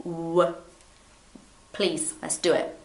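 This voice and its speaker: A woman whose first language is Portuguese, teaching an English pronunciation lesson to camera in a playful, animated way and repeating words slowly to demonstrate. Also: fairly low pitch. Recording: echoey room.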